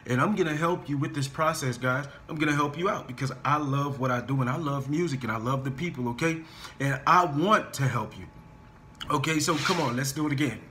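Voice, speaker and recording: A man teaching a singing lesson, talking his students through warm-up scales and encouraging them, often stopping to repeat himself and say "okay?" and "guys". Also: fairly high pitch, a little hiss or hum. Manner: restarts and stammers while explaining.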